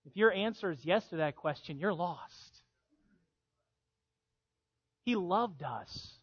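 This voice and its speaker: High-pitched preacher guy, goes soft then really loud, kinda muffled dry sound. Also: expressive, slow, pauses often, slightly rough. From Illinois, USA. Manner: swings from hushed to loud emphatic preaching. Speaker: pastor. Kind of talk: sermon.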